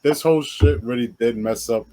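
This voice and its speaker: A man's voice: mid-range voice, moderate pace, dark tone. A man in a casual podcast chat, easygoing, agreeing and adding background. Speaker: podcast co-host.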